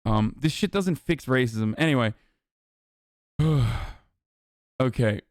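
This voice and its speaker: A man's voice: medium pitch, expressive, takes it slowly. A man ranting on a live stream, swearing often and sounding fed up as he reads lines of text aloud and tears into them. His voice sits in a middle register. The sound is dry and close, with no room echo. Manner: blunt, profane, exasperated ranting.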